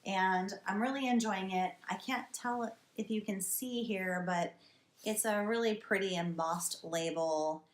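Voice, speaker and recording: A woman in her thirties hosts a casual wine vlog from a basement cellar. Her delivery is slow and deliberate, wry and emphatic, with a comic, exasperated edge. The room adds a noticeable echo around her voice. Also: mid-range voice. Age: 30s. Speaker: wine show host. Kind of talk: casual comic monologue to camera. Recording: roomy echo.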